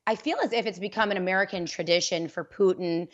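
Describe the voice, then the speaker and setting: A New York woman radio host, guesting on a political talk panel, speaks candidly and conversationally and builds loose analogies. Her fairly low voice has fairly even intonation and a quick pace, and the sound is lo-fi.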